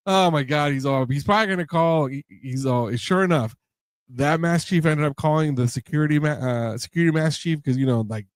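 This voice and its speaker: A man's voice: on the high side, fast, dry recording. A man hosting a podcast, telling a long story with many fillers and acting out what others said. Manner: rambling, many fillers, laughs and acts out quotes. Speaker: podcast host. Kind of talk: casual storytelling interview.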